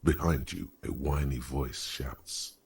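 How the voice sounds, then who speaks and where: An actor voicing a grave male game narrator, telling the story in slow, solemn lines. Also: extremely low pitch, fairly even intonation, creaky, a little mellow, slight background noise, exaggerated voice. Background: game music.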